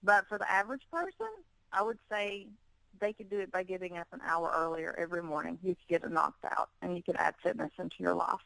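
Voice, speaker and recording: A woman speaking in a thick Southern accent, with a lowish voice recorded close and dry. She talks openly and casually as an interview guest, laughing easily. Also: brisk, gravelly, a bit bright, no room sound, low-quality recording. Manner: chatty and frank, laughs easily. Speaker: fitness competitor guest.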